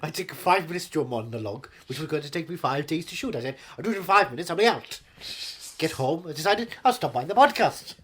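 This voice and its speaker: A man's voice: fairly high pitch, expressive, fast, fairly bright tone, breathy edge. A man doing a comic impression of a pompous aging movie star who rambles and keeps saying "wonderful". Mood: rambling. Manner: rambling, repeats "wonderful" constantly.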